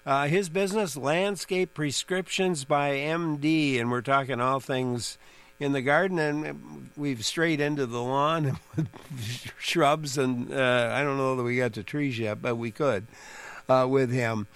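A man's voice: medium pitch, a little slow, smooth. A man hosting a call-in garden radio show, chatting with a guest and reading out listener questions. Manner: relaxed, reads listener questions.

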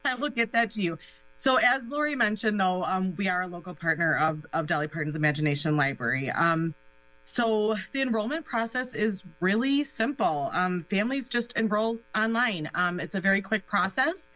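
Bright-voiced woman guest, upbeat. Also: medium pitch, normal speed, low-quality recording. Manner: upbeat, many "um" fillers. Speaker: guest, nonprofit special projects director. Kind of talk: casual radio interview.

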